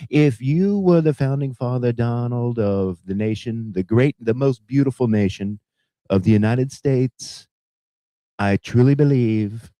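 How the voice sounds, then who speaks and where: A man performs a grandiose older politician who rambles and boasts endlessly. The voice sits noticeably higher than the performer's own and has a changed, put-on timbre. Every sentence swells with superlatives. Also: mellow, dry recording, close to an everyday voice, rough recording.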